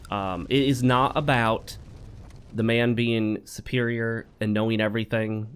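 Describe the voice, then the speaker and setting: A male gaming host with a voice of ordinary pitch. He narrates his play in a loose, chatty way and slips into wry jokes and advice between fights. The feel is casual let's-play commentary. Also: steady tone, slow pace, clear, resonant tone. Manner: chatty and wry, joking asides while playing.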